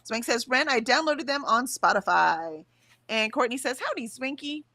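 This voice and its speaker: A woman hosts a relaxed home livestream from bed, speaking at normal speed in a slightly high voice with no room sound. She's lively and talkative, laughing often as she reads the chat.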